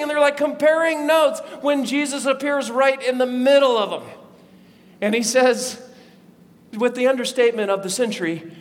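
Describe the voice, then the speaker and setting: A man preaching a sermon as a pastor, telling the story in a lively way and acting out the voices of the people in it. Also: extremely high pitch, moderate pace. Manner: animated storytelling, acts out voices of disciples. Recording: long reverb of a large hall.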